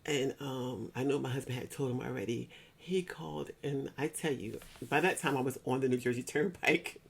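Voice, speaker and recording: Middle-aged woman, gravelly timbre, earnest churchgoing testimony, repeats herself for emphasis. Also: very deep voice, moderate pace. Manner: earnest and repetitive, often circling back to restate a point; spiritual, church-going tone. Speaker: speaker sharing a personal grief story. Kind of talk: heartfelt personal testimony.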